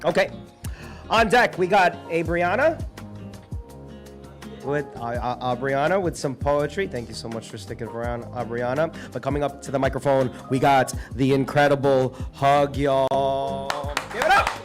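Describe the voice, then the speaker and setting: An upbeat man emcees an open mic, calling up poets in a loose, casual way and cheering the room on. Music plays clearly behind him in the live community center room. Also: medium pitch, measured pace. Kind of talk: hyping up the crowd and introducing acts.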